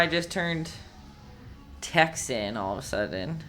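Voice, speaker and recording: A woman's voice: low-pitched, expressive, measured pace, long pauses, bright, forceful tone. A woman leading a live-streamed painting lesson, chatty and encouraging, humming to herself as she works. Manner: chatty and encouraging, hums while working. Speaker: painting instructor.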